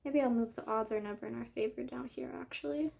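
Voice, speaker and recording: A chatty young woman talks casually as she works on a digital book journal, gushing and rambling. Her voice sits a little high, with a loose, unscripted flow full of fillers. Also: fast, gravelly, muffled recording. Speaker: book vlogger. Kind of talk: casual chat while making a digital journal.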